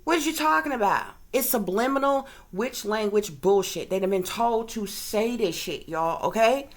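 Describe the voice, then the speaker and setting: With a fairly high pitch and a moderate pace, this woman, a psychic reader who makes videos, vents directly to camera. She swears freely, keeps it casual, and frequently checks in with those listening.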